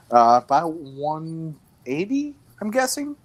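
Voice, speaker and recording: A man's voice: a little high, sing-song, very slow. A man co-hosting a casual podcast, taunting and provoking the others with profane jabs. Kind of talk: rowdy casual banter.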